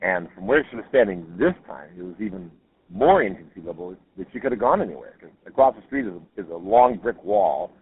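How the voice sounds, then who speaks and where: A man's voice: low-pitched, expressive, brisk, husky. A man telling a listener's ghost story in a rambling, casual way, with many fillers and self-corrections. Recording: tinny phone-line audio.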